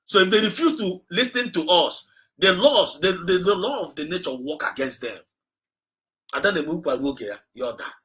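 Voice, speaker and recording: In a poor-quality recording, a man with a Nigerian accent delivers a fervent livestream address as an activist host. His voice sits high, brisk and expressive, with a bright, forceful tone. He urges his audience on repetitively, blending Igbo and English within the same sentence.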